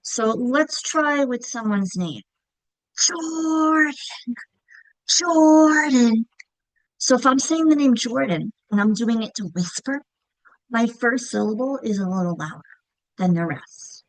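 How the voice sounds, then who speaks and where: Woman teaching reading, kinda high voice, patient, says okay and right a lot. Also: animated, moderate pace, no room sound, low-quality recording. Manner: demonstrates words by whispering, clapping and calling out. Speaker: reading instructor. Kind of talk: teacher training lesson.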